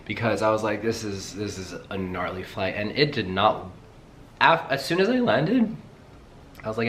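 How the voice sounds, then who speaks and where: Rambling, excitable young man vlogging. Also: on the low side, moderate pace, slight background noise. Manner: rambling, excitable, swears casually. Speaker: travel vlogger. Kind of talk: casual vlog chat.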